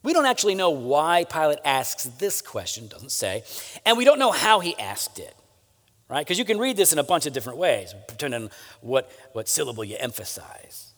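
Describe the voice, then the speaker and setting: Lively high-pitched male preacher. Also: normal speed. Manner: conversational, asks "right?" often. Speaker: pastor. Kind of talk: sermon. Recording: long hall reverb.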